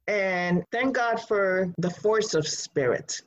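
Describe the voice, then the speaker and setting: A woman from Rico, telling a personal story in an animated, emphatic way. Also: medium pitch, slow pace, rough recording. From Puerto Rico.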